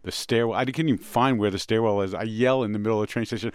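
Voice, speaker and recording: Smooth-voiced man telling a story. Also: lowish voice, dry recording, studio quality. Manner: animated anecdote telling with quick restarts. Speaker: radio show host. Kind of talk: casual storytelling chat.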